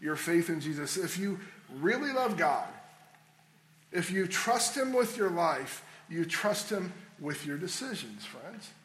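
A man's voice: sits high, big pitch swings, unhurried, fairly bright tone, echoey room, slight background noise, rough recording. A man preaching a sermon as a pastor, earnest and conversational, repeating key phrases for emphasis.

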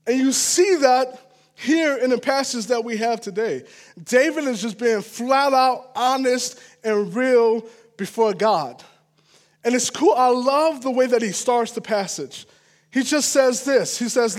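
A man's voice: extremely high pitch, a little slow. A man preaching a conversational sermon as a pastor, casual and earnest, checking in with listeners as he goes. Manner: casual and earnest, with frequent "all right?" asides.

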